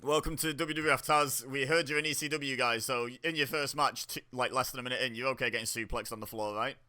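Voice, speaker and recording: Bright-voiced man chatting through a watch-along. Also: mid-range voice, steady tone, fast talker. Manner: chatty, reacts aloud with laughs and exclamations. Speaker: wrestling watch-along host. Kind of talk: casual watch-along commentary.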